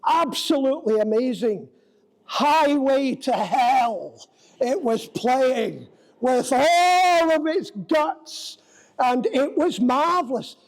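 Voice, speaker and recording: A man preaching a sermon in a church, telling a personal story with drawn-out, dramatic phrasing. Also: very high-pitched, animated, low-quality recording.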